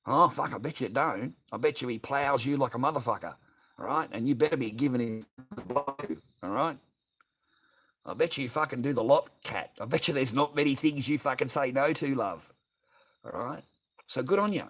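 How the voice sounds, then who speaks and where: An Australian man rants on a live stream in a voice of ordinary middle pitch. He swears freely and talks in a blunt, combative way. He reads viewers' comments aloud and argues back at them. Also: expressive, normal speed, fairly bright tone, breathy edge. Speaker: livestreamer. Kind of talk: ranting live stream chat.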